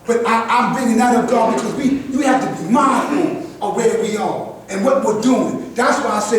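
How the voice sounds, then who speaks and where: Older man, high-pitched, preachy group address, distant mic in a very echoey room. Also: normal speed, few pauses, slight background noise. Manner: preachy, repeats "God" as address, restarts often. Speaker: speaker at a community gathering.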